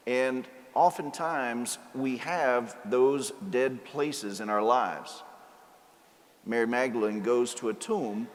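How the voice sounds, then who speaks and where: A male priest giving a sermon, telling a joke story and then preaching earnestly. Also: mid-range voice. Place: large cathedral. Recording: cathedral reverb, faint ambience.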